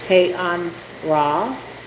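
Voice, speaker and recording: A woman's voice: lowish voice, lively intonation, drawn-out words. An older woman chatting on a livestream, greeting viewers by name while she works with her hands. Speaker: rootworker hosting a livestream. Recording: echoey room with air conditioning noise.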